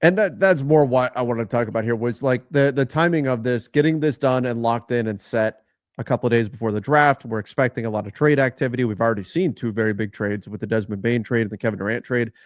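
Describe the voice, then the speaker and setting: A man co-hosting a casual sports talk show, laying out his points in a measured way. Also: medium pitch, dry recording, studio quality. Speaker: co-host.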